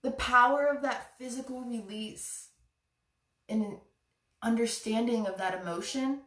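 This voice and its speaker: A woman's voice: fairly high pitch, recorded from a distance. A woman hosting a live-streamed spiritual challenge, talking to her viewers in an earnest, encouraging way. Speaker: chakra challenge host. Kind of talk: live-stream motivational talk. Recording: echoey room, away from the mic.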